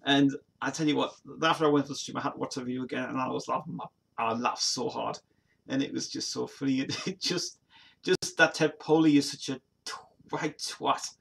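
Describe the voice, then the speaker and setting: Hosting a livestream, this gravelly Nottingham man in his 40s chats casually through viewer comments in an East Midlands accent. He rambles, restarts repeatedly, uses lots of fillers and laughs often, his mid-range voice steady, fairly quick and fairly bright.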